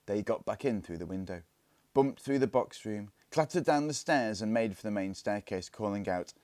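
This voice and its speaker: A man reading a children's storybook aloud, calm and hushed in tense parts. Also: lowish voice, moderate pace, no room sound. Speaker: story reader. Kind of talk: storybook narration.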